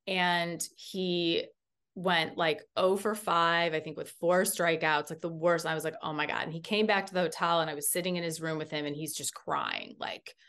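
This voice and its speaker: A woman in her thirties, a podcast guest, telling a story in a casual, animated way, full of "like" fillers. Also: fairly low pitch, moderate pace.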